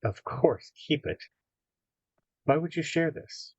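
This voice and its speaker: A man puts on a smug, greedy teenage schoolgirl who boasts and bosses the younger students around. Her voice is pitched only a little above his own and sounds dry and dull on a lo-fi recording. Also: animated, slow pace, slightly rough, no echo, exaggerated voice. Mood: smug, scheming. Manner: condescending, boastful.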